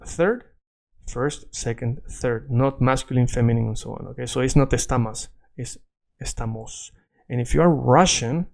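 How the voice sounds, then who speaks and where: A man's voice: mid-range voice, vocal fry, mellow. A man teaching a Spanish lesson in a chatty, explanatory way, often repeating and correcting himself. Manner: chatty, self-correcting, repeats points to students.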